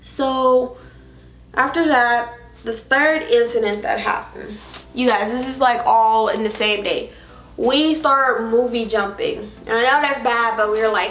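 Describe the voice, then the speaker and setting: A young woman telling an exasperated, animated story about a trip to the movies, in a sassy, casual vlog style. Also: a little high, measured pace. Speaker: vlogger. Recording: roomy echo, faint music behind.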